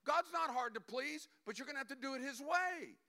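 A male pastor preaching an animated sermon, acting out the voices of figures as he goes. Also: very high voice, a little fast, vocal fry.

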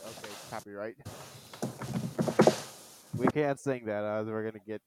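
A man hosting a casual podcast over an online call, retelling cartoon scenes and quoting lines with animated energy. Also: fairly low pitch, a little slow, long pauses, background noise. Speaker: podcast host. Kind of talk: casual chat recapping a cartoon.

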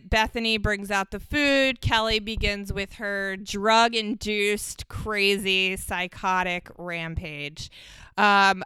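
A woman's voice: mid-range voice, bright, forceful tone, clean tone, dry recording. A woman hosting a podcast, recapping TV episodes in a casual, bubbly way with playful asides. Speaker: podcast host. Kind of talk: casual chat.

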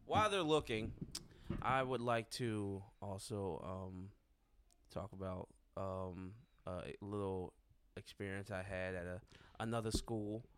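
A young adult man, a podcast co-host, telling a story in casual, animated, profane chat. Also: on the low side, unhurried, smooth.

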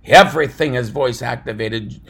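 A man preaching a fervent podcast sermon, swinging between loud shouts and low murmurs. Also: normal speed. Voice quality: gravelly, husky.

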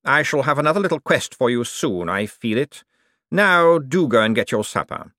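A man reading an audiobook, voicing a calm male schemer who speaks softly and condescendingly, with a kindly tone that hides menace. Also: medium pitch, moderate pace, no echo, clean studio sound, voice pushed up. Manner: soft, smooth and condescending. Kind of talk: audiobook character voice.

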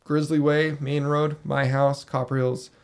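A man, a podcast host, telling a story in a casual, animated way and acting out his own reactions with swearing. He is recording in a basement room. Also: a little high, unhurried, creaky, clean tone.

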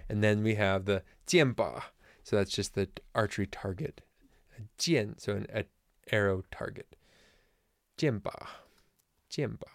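Gravelly-voiced man teaching vocabulary. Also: on the low side, moderate pace, no echo, studio quality. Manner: self-deprecating, chatty, joking. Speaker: Chinese teacher at a camp. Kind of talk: casual vocabulary lesson.

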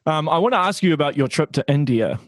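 Relaxed New Zealand podcast host, dry mic. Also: male voice, a little high, fast talker, no echo. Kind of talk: casual interview.

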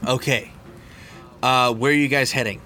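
A man's voice: medium pitch, fairly even intonation, normal speed, bright, forceful tone. Man, game master, rambling narration, filler words, faint background noise. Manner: rambling, many fillers and restarts.

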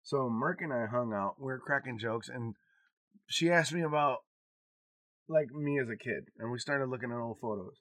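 A man in his forties chats as a podcast co-host, speaking openly and confessionally and swearing without a second thought. His voice sits at a middle pitch. The recording is dry and close, with no room sound. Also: normal speed, a bit bright, no echo. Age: 40s. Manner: frank and confessional, swears freely. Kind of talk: casual podcast chat.

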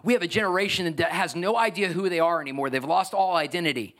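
A man preaching a sermon, building to emphatic, energetic exhortation. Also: high voice, quick pace, few pauses. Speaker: pastor.

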